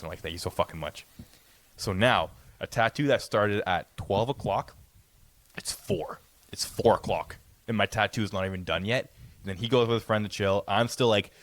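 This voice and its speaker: A man's voice: fairly low pitch, fairly bright tone. A man co-hosting a podcast, telling a long story in a rambling way, with many stammered restarts and a lot of swearing. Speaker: podcast co-host. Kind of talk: casual storytelling.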